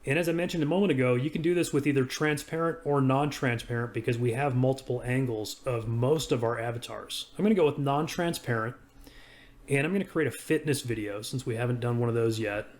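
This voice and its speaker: A man casually talking through each click as he walks through a software demo. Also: mid-range voice, fairly quick. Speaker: software reviewer. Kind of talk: screen-recorded software walkthrough.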